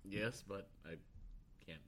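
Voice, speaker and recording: A man co-hosting a casual podcast who speaks quietly and drops dry asides. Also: low-pitched, slow, husky. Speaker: podcast co-host.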